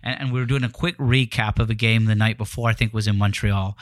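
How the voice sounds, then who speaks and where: A man, a former player turned broadcaster, telling stories in a casual chat, laughing often and restarting sentences when excited. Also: lowish voice, quick pace, dry recording, clean studio sound.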